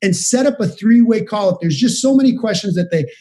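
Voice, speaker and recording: A man giving a direct, energetic motivational training talk, coaching his audience over a video call. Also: sits high, brisk. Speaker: business trainer. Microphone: video call setup.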